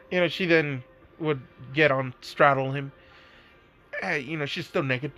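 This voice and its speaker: A man's voice: on the high side, a little slow, long pauses, pushed and bright, a little hiss or hum. A man casually telling a fan-made story, rambling with lots of fillers and asides. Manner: rambling, filler-heavy, amused.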